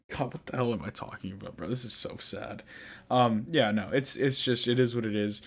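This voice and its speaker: A young man talks through an anime's finale in a loose, rambling way, restarting his sentences and getting frustrated. His voice sits on the low side. It has the casual feel of a podcast host's solo episode. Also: fairly even intonation, normal speed, gravelly. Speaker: podcast host. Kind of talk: casual anime recap monologue.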